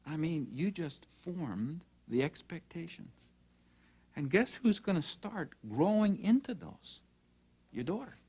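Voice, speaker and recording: A narrator giving a dramatic teaching talk, swinging between loud mock scolding and soft near-whispers. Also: mid-range voice, animated, slow, husky.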